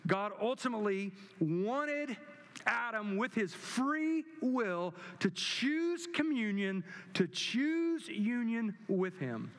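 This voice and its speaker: A man's voice: sits high, big pitch swings, slow. A man preaching a sermon as pastor, building emphasis through repeated phrases. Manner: preaching with rising emphatic repetition. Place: large church hall. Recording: long hall reverb.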